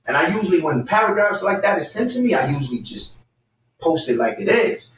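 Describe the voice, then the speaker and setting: A man, around forty, rants with heat and a lively, swinging pitch, at times breaking into shouts. He sounds set back from the mic in a roomy, echoey space with faint hiss behind him. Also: brisk, recorded from a distance. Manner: animated, fired-up, repeats his target's name, bursts into shouting. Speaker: guest. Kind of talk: heated callout rant and storytelling.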